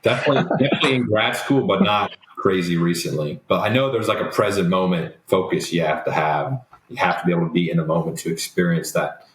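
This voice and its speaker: A young man talking as a guest on a remote call, in a relaxed, reflective way with frequent ums. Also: deep voice, fast talker, few pauses, a little hiss or hum. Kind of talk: casual interview talk. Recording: roomy remote call audio.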